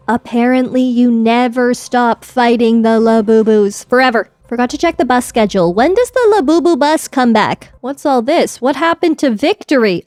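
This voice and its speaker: A woman's voice: fairly high pitch, a little mellow, no room sound, studio quality. A woman giving playful, chatty, jokey commentary while playing a video game. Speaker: gaming YouTuber. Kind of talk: casual let's-play commentary.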